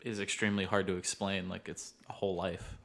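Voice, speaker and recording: A man's voice: low-pitched, flat delivery, a little fast, a bit bright, a little hiss or hum. A man co-hosting a podcast, talking loosely about his work with autistic clients, with many filler words. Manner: rambling, loose, lots of filler words and laughs. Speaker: podcast co-host who works with autistic clients. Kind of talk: casual podcast chat.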